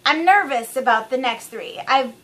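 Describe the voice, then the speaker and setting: A woman's voice: high voice, lively intonation, normal speed, a bit bright. A woman vlogging to camera, chatty, rambling and frankly profane. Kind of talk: casual chat to camera.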